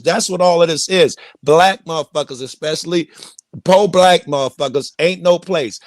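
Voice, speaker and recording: A man's voice: a little high, dry recording. Fiery profane man, dry close sound. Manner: blunt, profane, impassioned. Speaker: host. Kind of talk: heated podcast debate.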